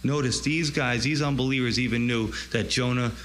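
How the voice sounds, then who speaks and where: Guy preaching, chatty sermon style, middle pitch, faint hum in the background. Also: steady tone, moderate pace, fairly bright tone, in a large hall, poor audio. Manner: conversational, acts out scripture dialogue.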